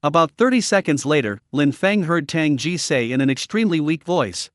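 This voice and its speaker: A man's voice: on the high side, animated, normal speed, few pauses, no echo, clean studio sound. A man narrating a recap of a comic story in a scripted reading style, voicing each character's lines in his own voice.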